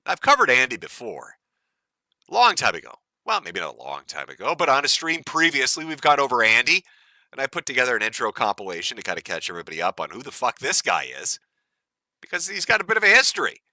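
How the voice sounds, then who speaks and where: A man's voice: mid-range voice, wildly swooping pitch, fast, pushed and bright, no room sound, studio quality. A man from the United States hosting a live stream, ranting in a profane, mocking and gleeful way. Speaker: stream host.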